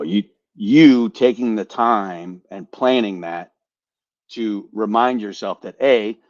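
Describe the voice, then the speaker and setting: A man on a podcast telling a story in a casual, animated way, swearing and repeating words as he goes. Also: lowish voice, no room sound, muffled recording. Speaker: podcast host, veteran.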